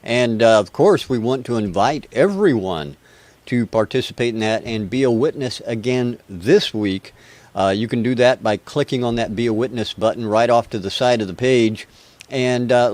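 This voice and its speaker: A man's voice: mid-range voice, darkish tone, no room sound. Chatty American man hosting a webcast. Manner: chatty, rambling, self-deprecating. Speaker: show host. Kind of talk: casual live webcast hosting.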